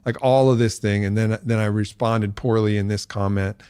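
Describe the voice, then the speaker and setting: A man with a fairly low voice tells a story as a podcast guest, relaxed and reflective, often laughing as he goes. The sound is dry and close, with no room around it. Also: moderate pace, clean tone, no room sound. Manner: laughs while telling stories; reflective, uses many fillers. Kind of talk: casual storytelling.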